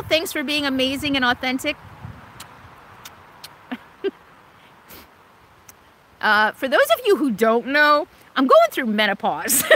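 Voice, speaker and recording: A woman's voice: high-pitched, pushed and bright, slight background noise. A middle-aged woman hosting a casual live stream, chatting with viewers, thanking donors and answering questions with many fillers and restarts. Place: inside an RV or vehicle.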